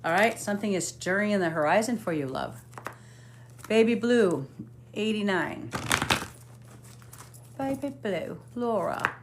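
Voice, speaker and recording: A woman's voice: medium pitch, animated, normal speed, heavy background noise. A woman hosting a live stream as a psychic medium, reading cards aloud in casual chat, swearing now and then and humming while she scrolls.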